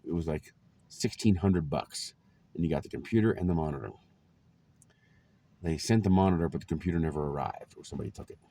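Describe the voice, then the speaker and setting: A man's voice: extremely low pitch, brisk, pauses often, dark tone. A man in his forties casually telling stories about his life to camera, rambling along with lots of ums and chuckles. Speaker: vlogger.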